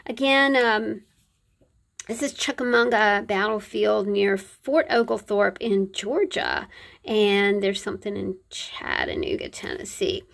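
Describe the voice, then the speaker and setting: A woman's voice: mid-range voice, sing-song, a little slow, creaky. A middle-aged woman casually showing her handmade journals in a chatty vlog, rambling a little with fillers. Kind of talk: casual show-and-tell vlog.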